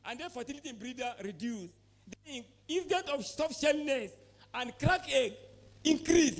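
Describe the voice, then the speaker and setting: A man's voice: extremely high pitch, lively intonation, normal speed. A man with a Nigerian English accent giving an emphatic conference talk to poultry farmers, often quizzing the audience with repeated questions. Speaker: poultry expert presenter. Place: conference hall.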